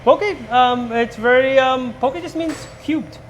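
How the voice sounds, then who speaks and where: A man's voice: very high-pitched, slow pace, slight background noise. A man, a chef explaining a dish casually with friendly restarts. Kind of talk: casual cooking demo.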